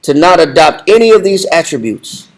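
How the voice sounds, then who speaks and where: A man's voice: a little high, sing-song, moderate pace. A man teaching a Bible study, directing a reader and repeating his points with commanding emphasis.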